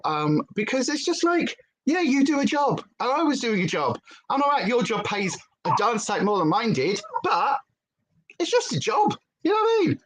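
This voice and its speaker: A British woman chats on a home livestream, her pitch swooping up and down as she tells stories. She is a former presenter and drifts easily from one tangent to the next. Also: rough recording. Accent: British English. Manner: chatty, wanders off on tangents, lively storyteller. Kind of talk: casual livestream chat. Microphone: headphones with desk setup.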